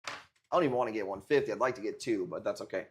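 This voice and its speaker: A man's voice: fairly low pitch, quick pace, slight background noise. Laid-back profane man in his forties. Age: 40s. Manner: laid-back, profane, peppered with dude and bro. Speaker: live-stream coral seller. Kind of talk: casual live-stream chat.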